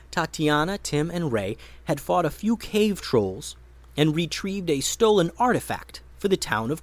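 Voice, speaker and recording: A man narrating a children's adventure story in an expressive, animated reading voice. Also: sits high, no echo.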